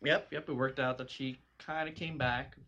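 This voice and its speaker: A man's voice: medium pitch, fairly even intonation, moderate pace, bright, forceful tone, lo-fi sound, slight background noise. A man in casual podcast chat, upbeat as he talks about his web series.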